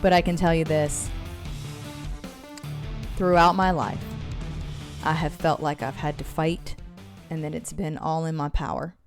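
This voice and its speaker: A woman giving a casual Christian devotional talk to camera, earnest and chatty, drifting into side notes with quick laughs. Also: low voice, little pitch movement, faint music behind. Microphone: own microphone.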